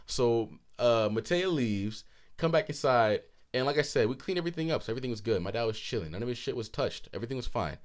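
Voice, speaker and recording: A man in his twenties co-hosting a podcast, telling a story animatedly with frequent laughter and swearing, a bit hoarse. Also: mid-range voice, animated, fast talker. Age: 20s. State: hoarse throat. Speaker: podcast co-host. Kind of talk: casual chat.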